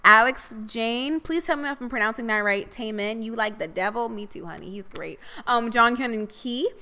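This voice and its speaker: A young woman reads out listener comments on a casual podcast in a bright, slightly high voice. She is chatty and affectionate with her audience, talking in an easy, relaxed way. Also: moderate pace. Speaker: podcast co-host. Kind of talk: casual chat reading viewer comments.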